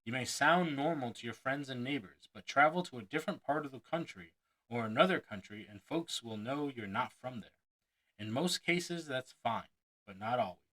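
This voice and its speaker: Man, bright and forward tone, reads a how-to book aloud and adds unscripted side remarks. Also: medium pitch, moderate pace, poor audio. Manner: expressive reading that breaks off to comment on his own slips. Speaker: reader of a self-help book on performing. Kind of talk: reading a book aloud with off-the-cuff asides.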